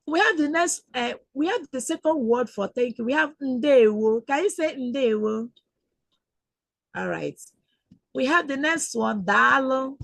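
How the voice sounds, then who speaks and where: A woman teaching an online language lesson, speaking slowly and patiently and repeating words for learners. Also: a little high, gravelly, dry recording. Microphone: video call.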